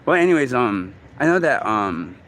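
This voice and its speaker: A man in his forties talking casually to the camera in a halting, rambling way, full of fillers and restarts. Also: medium pitch, very animated, a bit bright. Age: 40s. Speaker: vlogger. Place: outdoors in a city park.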